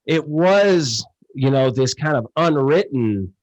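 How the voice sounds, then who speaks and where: Animated storytelling man, dry close sound. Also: medium pitch, takes it slowly, no echo, low-quality recording. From USA. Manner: animated storyteller, acts out quoted exchanges, laughs often. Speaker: podcast guest, geologist. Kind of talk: casual interview chat.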